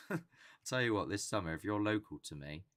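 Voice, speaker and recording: A man's voice: on the low side, expressive, a little fast, a bit bright. A young man hosting a casual live chat, rambling and chatty, often acting out what people say. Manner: rambling, chatty, acts out quotes. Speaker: host of a paranormal channel.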